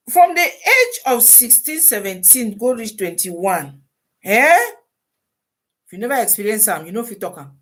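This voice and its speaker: A woman hosting an animated live-stream advice talk in Nigerian Pidgin English. Her fairly high voice swings up and down as she throws out rhetorical questions and prods listeners with "eh?". It sounds casual and lively throughout.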